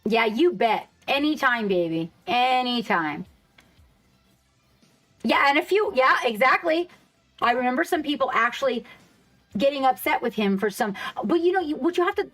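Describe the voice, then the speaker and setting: A woman's voice: a little high, a bit bright. A woman hosting a casual live stream, chatting loosely with viewers, swearing freely and reacting to the chat.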